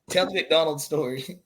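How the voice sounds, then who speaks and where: A man's voice: on the high side, noisy background. A young man, co-hosting a podcast and chiming in with short, jokey remarks. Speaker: podcast co-host. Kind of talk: casual chat.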